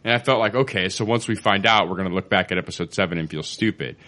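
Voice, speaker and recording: A man with a very low voice co-hosting a casual fan podcast. He is agreeable and chimes in often with quick words of support. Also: pushed and bright. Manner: agreeable, chiming in with quick backing. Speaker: podcast co-host.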